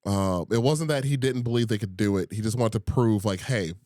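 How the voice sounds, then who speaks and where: A man's voice: on the low side, a little fast, dark tone, no room sound, clean studio sound. A young man co-hosting a casual podcast chat. He laughs often and talks with many fillers and restarts. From Indiana, USA. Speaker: podcast co-host.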